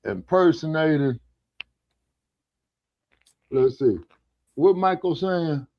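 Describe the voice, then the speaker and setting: A man's voice: on the high side, lively intonation, slow pace. A man co-hosting an online talk show who tells folksy road stories, swears freely and acts out the dialogue himself. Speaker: co-host. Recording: dull, dry lo-fi audio.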